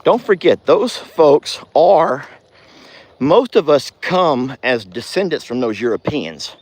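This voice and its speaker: A man's voice: on the high side, very animated, slow pace, no echo, low-quality recording. A man chatting folksily as host of a farm livestream, outdoors. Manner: folksy, chatty, calls loudly to his deaf dog. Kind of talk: casual livestream chat.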